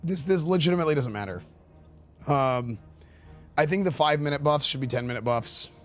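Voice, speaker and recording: Male live streamer, slightly high voice, loose and rambling commentary delivery, faint background music. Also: brisk. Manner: excitable, rambling, filler-heavy with repeated words. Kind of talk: live-stream commentary reacting to game questions.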